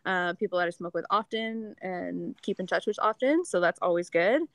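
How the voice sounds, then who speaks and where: A woman's voice: lowish voice, normal speed, no echo, low-quality recording. A woman with a Canadian accent, a podcast guest chatting casually, full of "like" fillers. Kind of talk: casual chat.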